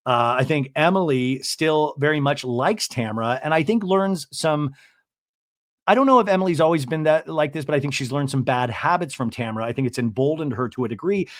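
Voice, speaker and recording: A man hosting a podcast, giving an animated, chatty recap of a reality-TV episode and often asking listeners "right?". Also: fairly high pitch, a little fast, dry recording, studio quality. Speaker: podcast host.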